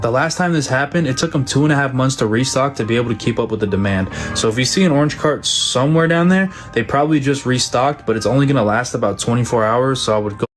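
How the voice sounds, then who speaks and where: A man's voice: mid-range voice, fast, hardly any pauses, faint music behind. A man narrating a hyped social media promo, brash and casual, swearing freely.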